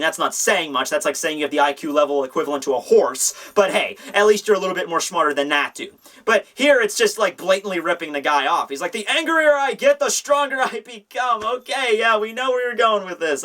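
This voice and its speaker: A man's voice: fairly high pitch, sharp tone. A man giving a casual comic manga review, rambling and sarcastic with plenty of filler.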